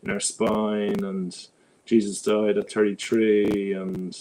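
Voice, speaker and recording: A man's voice: fairly low pitch, level tone, slow pace, dark tone, slight background noise, low-quality recording. A man, a podcast guest, talking in a rambling, reflective way with many restarts. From Ireland. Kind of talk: casual podcast conversation.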